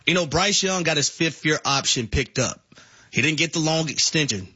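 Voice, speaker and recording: A man co-hosting sports talk radio, his voice fairly high, bright and husky. He speaks emphatically, repeating words for weight, on a slightly dull recording. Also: animated, normal speed.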